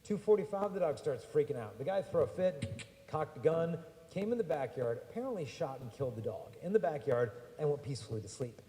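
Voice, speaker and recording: A man with a fairly high, mellow voice tells stories to a young crowd in a chatty, animated way. The sound is roomy, with a long church reverb trailing each phrase. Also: fairly quick. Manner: chatty, animated storytelling, slangy asides. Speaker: speaker addressing young people. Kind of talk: lively humorous talk to a live audience. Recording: echoey church hall.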